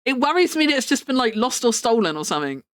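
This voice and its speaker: Chatty woman streamer, lively pitch. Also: fast. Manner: chatty, rambling, laughs often. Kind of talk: casual live-stream chat.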